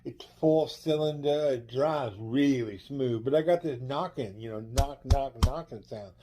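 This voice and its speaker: A man's voice: mid-range voice, unhurried, background noise, lightly acted. A man voicing a fussy middle-aged caller who drones on, repeating himself. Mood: fretting. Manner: repetitive, droning.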